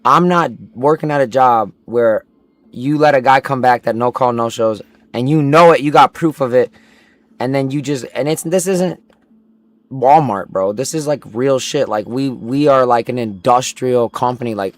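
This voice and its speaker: A young man in his twenties rants through a story on his gaming livestream. His voice sits at an ordinary middle pitch. He swears constantly and slips into the voices of the people he is quoting. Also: moderate pace, no echo. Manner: profane, ranting, acts out quoted people. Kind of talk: casual storytelling chat.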